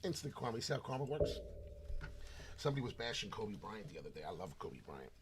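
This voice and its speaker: A man's voice: fairly low pitch, fast, noisy background. Brash New York man rambling over crypto charts. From New York / New Jersey. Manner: brash, rambling, excitable, swings from loud to muttering. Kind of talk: casual live stream chat.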